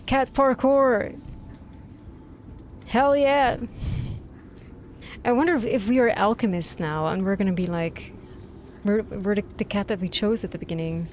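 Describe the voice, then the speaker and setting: A woman's voice: mid-range voice, moderate pace, slight background noise. A young woman, chattily commenting on a horror game as she plays. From Netherlands. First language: Dutch. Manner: excitable, chatty, thinks aloud. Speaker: gaming streamer. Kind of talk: gameplay commentary.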